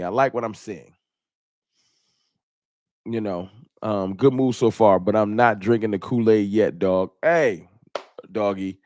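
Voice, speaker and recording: A man hosts a live fan talk stream, chatting in a loose, slangy, animated way. His voice sits in a middle range. The sound is dry and close with no room echo. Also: medium pitch. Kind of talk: casual live-stream chat.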